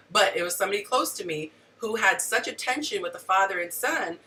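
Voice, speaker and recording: A middle-aged woman hosting a casual talk show, frank and animated, telling stories with quoted asides. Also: medium pitch, recorded from a distance, slight background noise, rough recording. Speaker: host.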